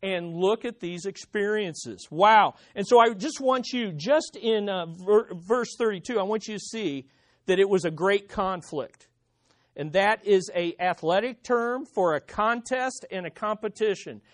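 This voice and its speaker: An emphatic preacher working through a sermon, swinging from loud to nearly hushed to drive points home. The delivery leans on rhetorical questions to the listeners and a middle-pitched voice. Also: unhurried. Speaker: pastor. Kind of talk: expository sermon.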